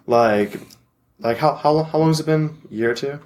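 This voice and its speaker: A man's voice: on the high side, normal speed, a little mellow. A man hosting a podcast who asks questions hesitantly, stammering and repeating his words. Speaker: podcast host. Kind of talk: casual interview chat.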